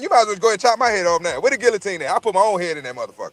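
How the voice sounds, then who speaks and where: A man's voice: high-pitched, very animated, rapid-fire, a bit bright, dry recording. A man in casual chat, telling profane, rambling stories and repeating his words as he goes.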